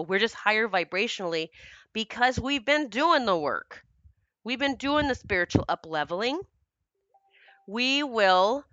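A woman's voice: medium pitch, pushed and bright, smooth, dry recording, lo-fi sound. A woman hosting a casual spiritual monologue, earnest and rambling, laughing often and swearing casually. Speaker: spiritual podcast host.

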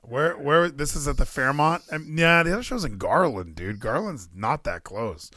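A man co-hosting a casual wrestling chat, ranting animatedly, swearing freely and acting out crowd shouts. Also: a little high, animated, normal speed. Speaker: podcast co-host.

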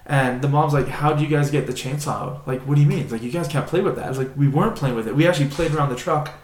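A man co-hosting a podcast, telling a story in a casual, animated, rambling way and using "like" often. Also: a little high, quick pace. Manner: animated, rambling, many "like" fillers. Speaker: podcast co-host. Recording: roomy echo.

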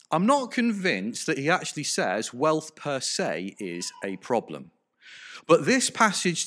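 A man preaches a sermon in a relaxed, conversational way. His pitch moves around a lot as he talks. He keeps putting questions to his listeners.

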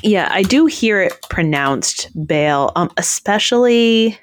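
A woman's voice: medium pitch, animated, unhurried. A woman co-hosting a podcast, recapping a quiz show in chatty conversation full of fillers and restarts. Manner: chatty, with frequent fillers and self-corrections. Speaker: podcast co-host.

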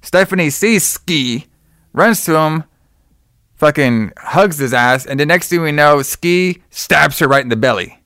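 A man's voice: on the high side, unhurried, no echo, clean studio sound. A man casually recapping a movie plot as a podcast co-host, swearing freely and acting out the characters' lines. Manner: profane, animated storytelling with quoted voices.

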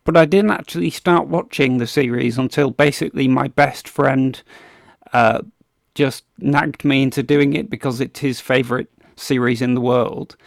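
A man's voice: medium pitch, steady tone, moderate pace, vocal fry, no echo, studio quality. A man hosting a podcast, chatting in a rambling way with many restarts and ums and frequent laughs. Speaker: podcast host. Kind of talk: casual podcast chat.

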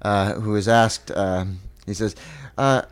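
A man co-hosting a podcast, talking haltingly with fillers and throat-clearing. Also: lowish voice. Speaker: podcast co-host. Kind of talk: casual podcast banter.

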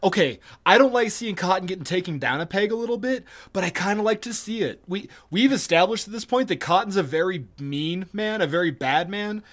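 A man's voice: sits high, expressive, fairly quick, hardly any pauses. A man co-hosting a casual podcast chat, ranting and swearing emphatically. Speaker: podcast co-host.

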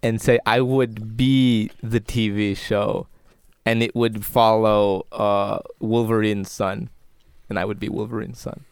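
Male podcast co-host, gravelly voice, dry close mic, jokey and repetitive. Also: fairly low pitch, unhurried, few pauses, no room sound. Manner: excitable, repeats himself, jokes around. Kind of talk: casual podcast chat.

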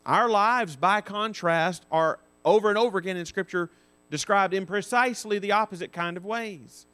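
Higher-voiced man teaching a Bible class. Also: normal speed, bright, forceful tone. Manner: explanatory, cites verses, frequent restarts. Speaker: Sunday school teacher.

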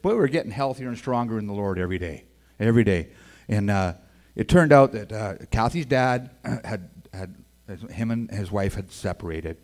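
At a moderate pace and with a voice on the low side, a man recounts his life as a folksy, casual testimony of faith. He animatedly imitates the people he mentions and drops in expressions such as "man" and "boy, I tell you."

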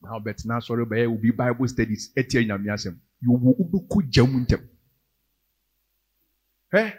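A man with a Ghanaian accent preaching a sermon, moving between English and Twi and rising to loud, emphatic calls. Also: mid-range voice, normal speed, husky, in a large hall. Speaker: pastor.

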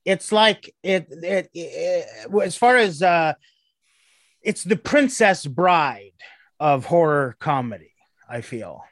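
A man's voice: on the high side, animated, slow, fairly bright tone, no echo. Blunt, opinionated man, dry sound. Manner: blunt, opinionated, swears freely. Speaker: podcast co-host. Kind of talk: crude comedic chat.

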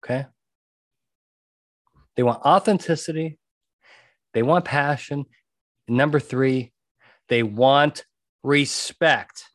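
Giving advice in a conversational monologue, this man, a podcast host and jury consultant, speaks emphatically and keeps repeating his main points. His medium-pitched voice moves slowly with frequent pauses, recorded at studio quality with no echo.

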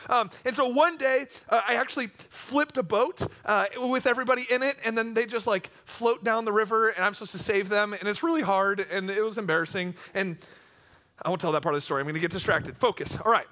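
A man's voice: sits high, fairly quick, bright, forceful tone. A young man telling a rambling, self-deprecating story as a youth pastor, with jokey asides, speaking from a church stage.

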